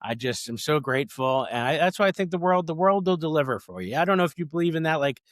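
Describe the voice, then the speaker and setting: A man's voice: fairly high pitch, expressive, quick pace, no room sound, clean studio sound. A man in his forties, a comedian guest in a casual interview, talking eagerly and rambling, often repeating words as he goes.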